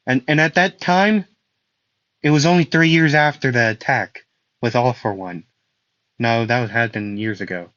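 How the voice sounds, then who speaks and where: A man's voice: medium pitch, normal speed, a bit bright, dry recording, muffled recording. A man improvising a fan story, rambling and correcting himself with lots of fillers.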